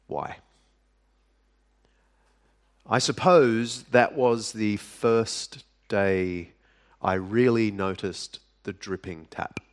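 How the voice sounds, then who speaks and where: A man with a lowish voice preaches a sermon at an unhurried, measured pace. He leans into dramatic pauses and lets his voice fall quiet for effect. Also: smooth. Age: adult. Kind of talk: sermon to a live audience.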